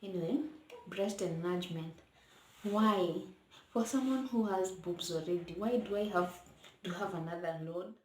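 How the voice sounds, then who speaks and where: A young Kenyan woman vlogging casually from her child's bedroom, chatting and mixing English with Swahili, sometimes hushing her voice so the baby sleeps. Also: on the low side, moderate pace. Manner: hushed at times to let baby sleep. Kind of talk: casual storytime vlog. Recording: roomy echo, faint noise.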